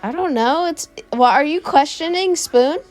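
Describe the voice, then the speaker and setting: Unbothered teen boy hero, offhand and slow, a woman voicing him. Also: mid-range voice, lively intonation, a little mellow, faint music behind. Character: calm, unbothered teenage boy hero, overpowered.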